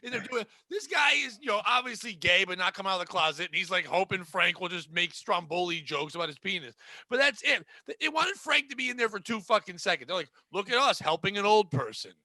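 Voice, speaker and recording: A man hosting a comedy podcast, teasing his guests with loud, profane banter. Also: high-pitched, lively intonation, fast, no echo. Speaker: podcast host.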